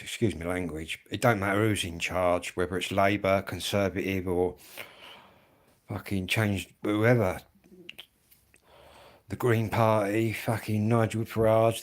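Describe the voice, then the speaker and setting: A man in his fifties with an English accent holds forth in a live stream, blunt and full of swearing. His voice sits fairly low, and he keeps up a ranting monologue. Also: steady tone, a little slow. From England. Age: 50s. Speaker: livestreamer.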